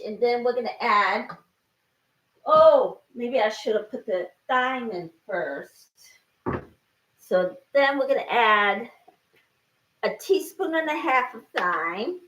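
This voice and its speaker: A woman's voice: a little high, fairly bright tone. A woman chatting to herself as she cooks at home, counting ingredients aloud and sighing or exclaiming as she goes. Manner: talks to herself while cooking, with sighs and exclamations. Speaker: channel host cooking on camera. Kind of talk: casual cooking narration. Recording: echoey room.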